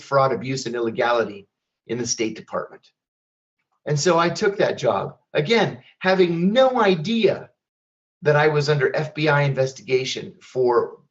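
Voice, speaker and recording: A middle-aged man speaks at a mid pitch, unhurried and deliberate, with wry asides. The audio is slightly dull and lo-fi. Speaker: speaker at a public event. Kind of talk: storytelling speech.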